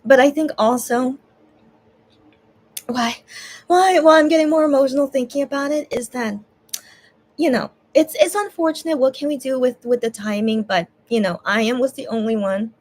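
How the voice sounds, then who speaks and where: A tearful young woman speaks to her viewers in a casual stream, her fairly high voice catching as she cries. She stops and restarts often, pausing to collect herself. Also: darkish tone. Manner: halting, many restarts and pauses. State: tearful, crying. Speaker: vlogger talking to viewers. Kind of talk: emotional casual livestream talk.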